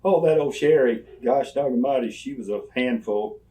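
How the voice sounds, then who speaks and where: An older man, telling animated, folksy stories as an interview guest and laughing along the way. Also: mid-range voice, moderate pace. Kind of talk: storytelling in a sit-down interview.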